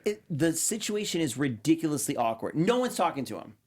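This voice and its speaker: A man co-hosting a podcast, chatting casually in a laid-back, amused way and disagreeing calmly. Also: fairly high pitch, a little fast. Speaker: podcast co-host. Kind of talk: casual recap chat.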